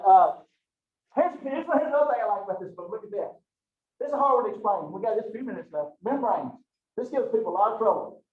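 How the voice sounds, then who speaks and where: A middle-aged man teaching an anatomy class, joking and telling folksy stories. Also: high voice. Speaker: anatomy instructor. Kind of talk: classroom lecture. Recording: far-off, echoey, phone-like lecture recording.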